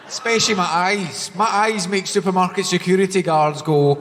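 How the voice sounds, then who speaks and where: A man's voice: high voice, fairly even intonation, normal speed, hardly any pauses, a bit bright. A Scottish man from Glasgow with a Glaswegian accent, performing a wry stand-up comedy set on stage. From Glasgow, Scotland. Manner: wry, punchy joke delivery. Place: large concert hall, live on stage. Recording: hall reverb, faint background noise.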